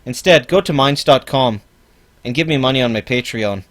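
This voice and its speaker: A man's voice: medium pitch, normal speed, fairly bright tone, close to an everyday voice. Man doing a parody impression, smug male online pundit, pompous, preachy, self-promoting. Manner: self-promoting, repeats donation pleas.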